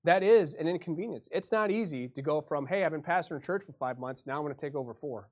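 A man preaching a sermon, swinging from quiet folksy asides to loud impassioned passages and acting out quoted voices. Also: fairly high pitch, brisk. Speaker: pastor.

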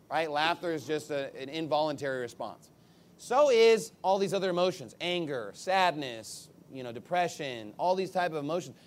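A man preaching a sermon in an emphatic, conversational way, acting out quick asides. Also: fairly high pitch. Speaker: pastor.

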